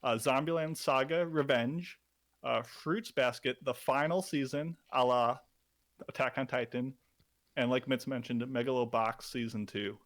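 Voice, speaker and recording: A man's voice: mid-range voice, unhurried. Man, podcast co-host, laid-back, dry humor, casual chat.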